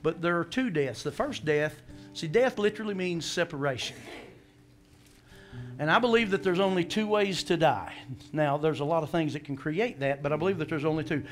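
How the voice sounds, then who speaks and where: A man preaching a sermon as pastor, animated, acting out scripture voices and asking the congregation questions. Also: fairly high pitch, normal speed, soft background music.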